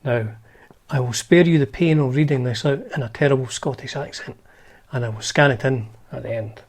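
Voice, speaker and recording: A man's voice: mid-range voice, moderate pace, husky. A man hosting a guitar channel, chatting casually and wryly through old magazines, with lots of fillers and restarts.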